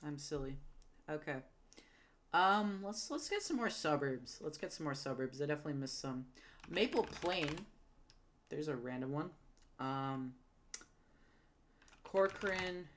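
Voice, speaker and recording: A woman recalling and naming towns out loud, hesitant with many ums, correcting herself and apologizing for her pronunciation. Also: deep voice, expressive, a little slow, long pauses. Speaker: geography video creator. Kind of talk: casual recall while typing.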